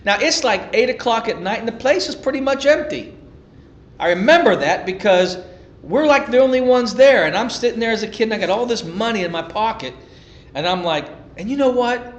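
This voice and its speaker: A middle-aged man preaches in an animated, storytelling way, stumbling over and repeating his phrases as he builds. His voice sits high for a man. The room around him rings with echo. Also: fairly quick, dull audio. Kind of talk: sermon with personal story.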